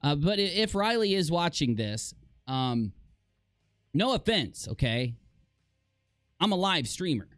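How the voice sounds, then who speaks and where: A male live streamer riffing to his chat in a loose, sarcastic way, often laughing at himself. His pitch swings widely and sits a bit high for a man. The sound is close and dry, with little room around it. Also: big pitch swings, a little slow, long pauses, fairly bright tone, dry recording. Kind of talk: casual live-stream commentary.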